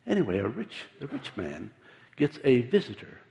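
A man preaching a sermon in an animated, emphatic way, with many repeated restarts. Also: mid-range voice, normal speed, gravelly. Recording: long reverb of a large hall.

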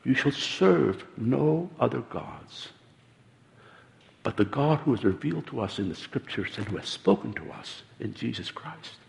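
A man voicing a stern old prophet rebuking a king, speaking in slow, solemn pronouncements. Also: mid-range voice, expressive, creaky. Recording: long hall reverb.

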